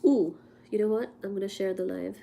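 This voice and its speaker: A woman's voice: mid-range voice, fairly even intonation, fairly quick, vocal fry, dark tone. A woman hosting a casual livestream while congested with a cold, chatty and laughing at herself between coughs. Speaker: livestream host.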